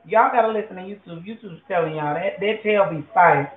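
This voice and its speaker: Recorded with echoey, tinny, phone-quality audio, this home cook speaks at a measured pace in a medium-pitched voice. Cooking in the kitchen, they talk loosely to viewers with heavy swearing, vlog-style.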